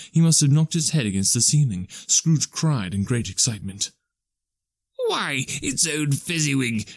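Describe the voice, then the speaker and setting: Male audiobook narrator, mid-pitched, steady measured reading, dry close sound. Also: no echo. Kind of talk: scripted storybook narration.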